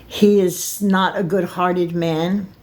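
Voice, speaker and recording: An older woman telling a personal story on her vlog, rambling and emotional, with halting restarts. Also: fairly low pitch, fairly even intonation, a little mellow. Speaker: vlogger.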